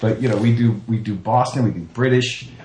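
A man with a low voice talks casually about his voice work. He brings his stories to life by acting out what others said. The sound carries a roomy echo. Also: fairly quick, a little hiss or hum. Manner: animated storyteller, acts out quotes. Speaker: voice actor, guest. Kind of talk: casual interview chat.

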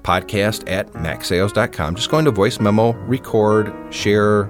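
A low-pitched man hosts his podcast solo, chatting casually and giving his opinions freely. He restarts his sentences often and fills the pauses. Soft music plays faintly underneath. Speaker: podcast host. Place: indoor home studio.

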